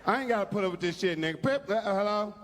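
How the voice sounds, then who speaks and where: A man's voice: high-pitched, lively intonation, fast talker. A middle-aged man doing a crude, rowdy stand-up comedy routine, telling stories full of profanity on a theater stage. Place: large theater stage with a live audience. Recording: reverberant live hall, audience noise.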